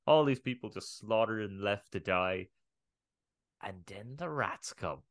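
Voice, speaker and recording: A man co-hosting a podcast, chatting casually, animated, swearing freely and laughing often. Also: on the low side, measured pace, dry recording, studio quality. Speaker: podcast co-host. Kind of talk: casual chat.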